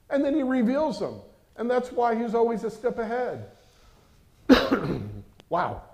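A man preaching a sermon in a lively, conversational way, often breaking in with exclamations. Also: extremely high pitch, takes it slowly, pauses often.

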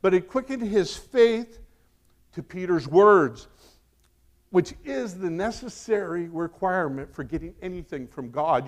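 A middle-aged male pastor preaching a sermon, animated, swinging from loud emphasis to quiet asides. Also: sits high.

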